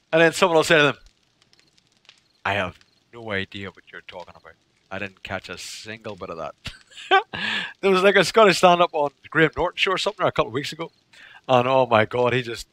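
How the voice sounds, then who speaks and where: A man's voice: on the high side, a bit bright, no echo. A man chatting casually with his viewers during a game livestream. He laughs often. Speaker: game streamer.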